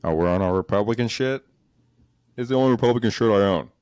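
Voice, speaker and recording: A man's voice: lowish voice, fast, a little mellow, clear, resonant tone, no echo, studio quality. A man hosting a comedy podcast, talking crudely and rambling in casual chat. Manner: crude, rambling, does mocking voices. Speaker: podcast host.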